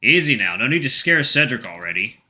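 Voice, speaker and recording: A jovial male fox speaks grandly and theatrically, as a man puts him on. The voice rings bright and forceful and moves in lively swings. His tone is a touch raised above the man's own. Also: medium pitch, a little fast. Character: theatrical male fox, the gang's charming friend.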